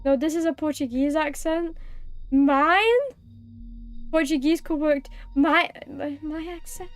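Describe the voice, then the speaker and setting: A woman's voice: high voice, slow, soft background music. A woman live-streaming a game, chatting playfully with viewers, thanking them and meowing like a cat. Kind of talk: live-streamed gameplay chat.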